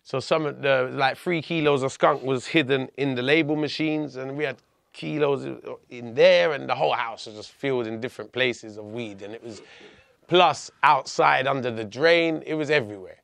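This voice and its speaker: A man tells a story from his own life as a podcast guest. His voice has a gravelly, fried edge and a bright, forceful tone. The sound is close and dry. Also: medium pitch, normal speed, no echo. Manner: animated, blunt storytelling with frequent restarts. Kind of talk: telling a personal story in conversation.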